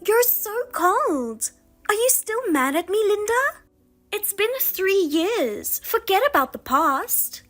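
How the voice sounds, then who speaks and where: Lady doing a smug high-pitched sister, taunting and gloaty, voice swoops up and down. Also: big pitch swings, takes it slowly, few pauses, a bit bright, faint music behind, full character voice. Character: smug spiteful younger sister, husband thief. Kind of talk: audio drama reading.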